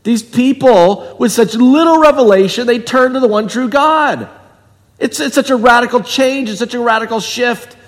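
A man preaching a sermon in a church, talking conversationally and swinging from loud and high to low and quiet. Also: moderate pace, big-room sound. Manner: conversational with wide swings in pitch and volume. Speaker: pastor. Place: church sanctuary.

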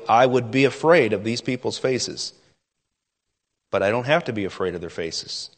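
Earnest male preacher in a reverberant hall. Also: mid-range voice. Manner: earnest, with dramatic pauses and drops to a hush. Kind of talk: sermon.

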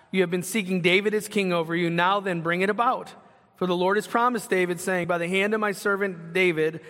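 Male preacher, high and bright, lively teaching sermon with questions. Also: in a large hall. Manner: animated teaching with questions to the congregation. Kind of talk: expository sermon.

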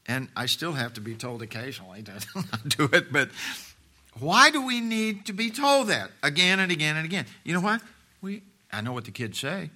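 Middle-aged male pastor, very bright and forceful voice, preaching with rises and drops, homely asides. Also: sing-song, moderate pace. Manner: preaching with big swings in volume and pitch; homely asides with laughs to the congregation. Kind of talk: sermon.

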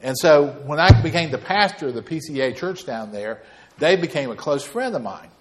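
A man's voice: fairly high pitch, animated, normal speed. A man preaching a sermon as pastor, folksy and rambling, with storytelling asides.

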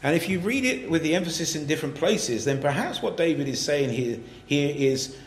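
A man's voice: fairly high pitch, expressive, fairly quick. Earnest man preaching in an echoey church. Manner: earnest, rising to emphatic, reads scripture in King James wording. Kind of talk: sermon.

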